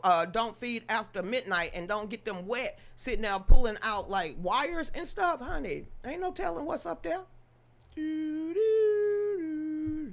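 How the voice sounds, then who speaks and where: A woman's voice: fairly high pitch, a bit bright. A woman hosting a livestream, chatting casually and joking with her viewers, with laughing asides. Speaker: livestream host.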